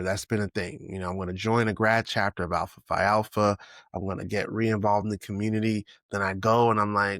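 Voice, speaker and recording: Solo podcast host, man in his 40s, low voice, dry close sound, candid and searching. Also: level tone, fairly quick, dry recording. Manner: reflective, thinks out loud with many restarts and "you know what I'm saying"; candid and emotional, swears casually. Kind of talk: unscripted solo podcast monologue.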